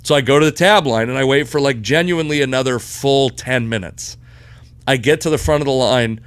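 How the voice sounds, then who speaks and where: Animated storytelling man, dry close sound. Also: mid-range voice, a little fast, smooth, dry recording. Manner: animated storyteller who gets loud and laughs at the peaks and swears freely. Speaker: podcast co-host. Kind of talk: casual chat, storytelling.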